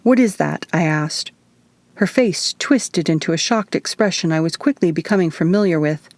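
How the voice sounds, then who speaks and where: A woman reads her own novel aloud in the first person. Her voice sits on the low side and she tells the story at a measured, even pace. The sound is dry and close, with no room echo. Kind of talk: audiobook narration.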